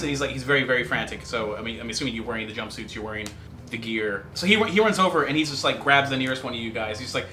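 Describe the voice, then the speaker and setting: A man narrating a tabletop role-play game as game master, animated and often laughing. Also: medium pitch, fast. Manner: animated, laughing, filler-heavy. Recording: echoey room with music behind.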